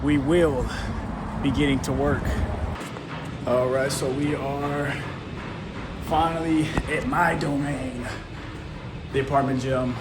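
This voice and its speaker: A fitness vlogger chats casually and unscripted about his workout, easygoing and thinking aloud in a mid-range, level voice. He takes it slowly and pauses often. It's recorded on a built-in camera mic with no external microphone, and the background is noisy.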